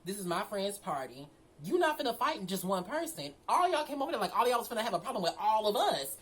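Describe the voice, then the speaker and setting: Animated young woman telling a story. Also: mid-range voice, fast talker, slightly rough, low-quality recording. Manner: animated, slangy, swears freely. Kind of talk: casual storytime.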